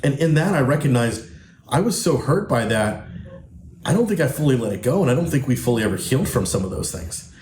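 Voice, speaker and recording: A man's voice: mid-range voice, big pitch swings, a little fast, darkish tone. A man hosting a podcast, speaking bluntly and emphatically with frequent profanity, coaching men in a preachy way. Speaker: podcast host and men's coach. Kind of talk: podcast monologue. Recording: echoey room, faint noise.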